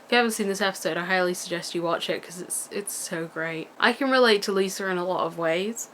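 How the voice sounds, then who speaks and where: A woman's voice: fairly low pitch, fast talker, fairly bright tone, a little hiss or hum. A young woman vlogging to her camera at home, rambling about things she loves in a gushing, enthusiastic way. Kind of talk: casual rambling vlog chat. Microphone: camera mic.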